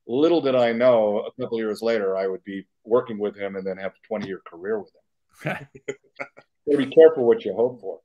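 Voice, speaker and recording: A man's voice: fairly low pitch, a little fast, mellow, muffled recording. Older man telling rambling anecdotes. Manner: rambling, self-correcting, chuckling. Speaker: guest makeup artist. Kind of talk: casual anecdotal storytelling.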